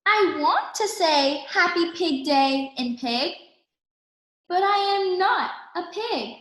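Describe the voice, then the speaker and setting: A gentle male storybook elephant speaks slowly and sadly, earnest and unsure of himself, as a woman reads him aloud. The voice sits fairly high and echoes in the room around it. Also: animated, heavily acted.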